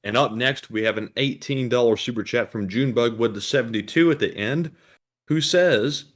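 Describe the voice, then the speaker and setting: Man announcing viewer donations, brisk. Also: mid-range voice. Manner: brisk, announcing each message in the same pattern. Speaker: co-host reading super chats. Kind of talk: reading out viewer messages.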